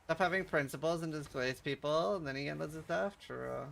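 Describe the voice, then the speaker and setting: A man chats loosely with his stream audience, swearing freely and bantering back at them. His voice is bright and forceful, sitting a little higher than most men's. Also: fairly quick, gravelly. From Norway. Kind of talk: casual livestream chat.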